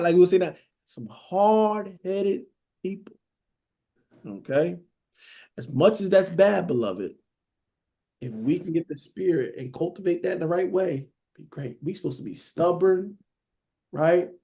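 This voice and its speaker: A man's voice: high-pitched, mellow. Man preaching casually, checking in constantly. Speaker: Bible teacher. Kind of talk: sermon.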